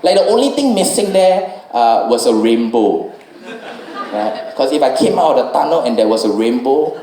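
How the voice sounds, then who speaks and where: A man's voice: mid-range voice, very animated, moderate pace, dark tone, roomy sound, rough recording. A man with a Singaporean English accent doing stand-up storytelling, loose and rambling with lots of "you know" tags. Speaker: stand-up comedian.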